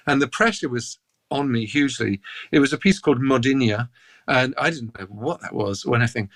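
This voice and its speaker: A man with an English accent tells stories with animated energy, as a guest on a podcast. His voice sits at a middle pitch. The sound is dry and close. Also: fairly quick, dry recording. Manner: animated anecdotes, breaks into laughter. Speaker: guest cellist. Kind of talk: storytelling in a podcast interview.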